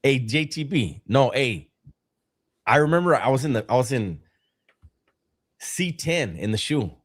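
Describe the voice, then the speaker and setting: A man's voice: mid-range voice, very animated, measured pace, slightly rough. A man, co-hosting a live stream, telling stories in casual chat full of street slang and swearing.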